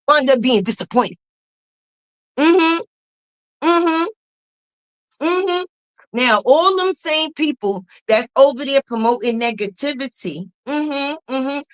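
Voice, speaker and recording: A woman with a high, bright-pitched voice dishing out casual gossip commentary. She is sassy and emphatic, dropping drawn-out mm-hmms between points. She is blunt and swears freely. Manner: blunt and profane. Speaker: commentary channel host.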